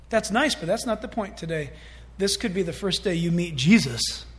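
A man preaching a sermon in church, animated and acting out little scenes in voices. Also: high voice, moderate pace. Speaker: pastor.

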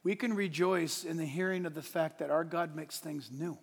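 A man preaching a sermon as pastor, emphatic and swinging from hushed asides to shouted points, with a stage microphone in a church sanctuary. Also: fairly high pitch, moderate pace. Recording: long hall reverb.

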